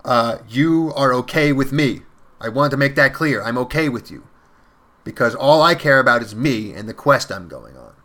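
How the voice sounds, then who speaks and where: A man voicing an indifferent male hero, speaking flat and low in an offhand way. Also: normal speed. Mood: dismissive. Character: indifferent young male hero, bored and dismissive.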